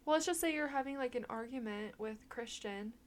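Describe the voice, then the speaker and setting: Giggly young woman, slightly high voice. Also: brisk. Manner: giggly, chatty, playful. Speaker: podcast co-host. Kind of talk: casual chat.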